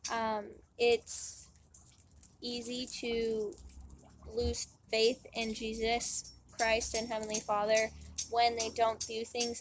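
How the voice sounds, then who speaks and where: A young woman hosts a faith discussion, retelling scripture in an easygoing, slangy way. Her voice sits a little high, and she fills her sentences with casual asides. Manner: chatty, slangy, many "like"s. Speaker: channel host. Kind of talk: casual retelling of a Bible story.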